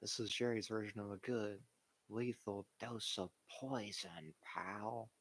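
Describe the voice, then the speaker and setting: A man doing an impression of a gruff, smug older wrestling boss, with a slow, growled delivery. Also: fairly low pitch, fairly even intonation, fairly bright tone, exaggerated voice. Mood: growling.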